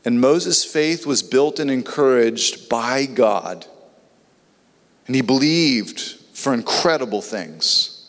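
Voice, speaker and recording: A man's voice: mid-range voice, animated, slow, a bit bright. A man preaching a sermon in an earnest way, sometimes acting out biblical dialogue in voices. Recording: long reverb.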